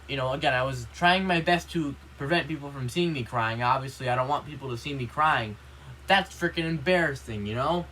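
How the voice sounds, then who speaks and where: Bright, rambling indignant man. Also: medium pitch, slight background noise, poor audio. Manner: rambling, full of "you know" and "like"; indignant, complaining. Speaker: vlogger. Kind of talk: casual monologue to camera.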